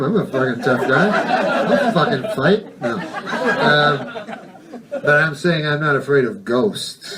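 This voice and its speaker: A man doing a stand-up routine, rambling and deadpan, correcting himself and swearing casually, recorded live on stage. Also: fairly high pitch, distant mic, heavy background noise. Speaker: stand-up comedian.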